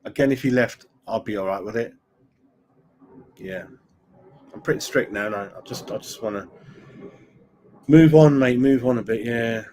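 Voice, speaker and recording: A middle-aged man with a lowish voice hosts a fan live stream at normal speed, leaving long pauses, with slight noise in the background. He casually reads viewer comments and gives his opinions, peppering his talk with "mate" and "right?".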